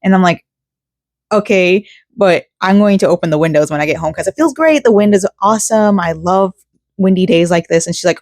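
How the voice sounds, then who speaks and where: A woman's voice: on the low side, a little fast, a little mellow, dry recording. A young woman from Florida chatting casually in a rambling, giggly way while she crochets, close to the mic. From Florida, USA. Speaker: vlogger.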